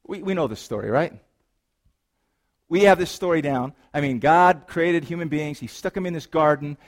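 A man preaching a sermon to a congregation, playful and animated, moving between hushed, slow lines and loud, excited ones. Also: fairly high pitch. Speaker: pastor.

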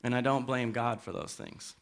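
A man preaching a sermon to his church, speaking in an earnest, halting way and pleading gently with his listeners. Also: medium pitch, level tone. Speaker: pastor. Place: church hall.

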